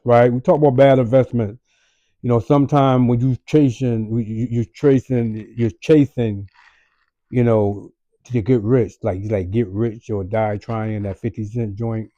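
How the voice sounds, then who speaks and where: A man hosting his own online talk show in a relaxed, mellow voice, taking his time over every thought. He drifts through fillers and the odd curse word, breaking out now and then into loud greetings. The sound is dry and a bit dull, like a lo-fi home recording. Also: medium pitch, dry recording. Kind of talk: casual monologue talk show.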